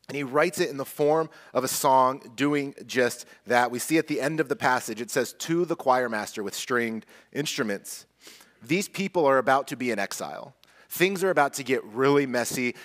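A man preaching a sermon as pastor, earnest and conversational, with light self-deprecating asides. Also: mid-range voice. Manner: hushed, soft prayer.

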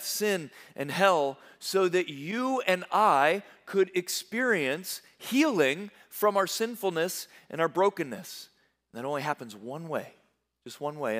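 A male pastor delivers a lively sermon in a fairly high voice. He drops to quiet, low phrases, then rises into loud, bright bursts of emphasis. He often stumbles over quick repeated words as he pushes ahead. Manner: animated preaching, swinging from hushed low lines to loud high bursts.

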